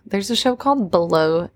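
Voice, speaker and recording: A young woman with a slightly low voice, co-hosting a casual podcast chat. She talks loosely, with plenty of "like" fillers. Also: moderate pace. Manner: chatty, frequent "like" fillers. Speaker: podcast co-host.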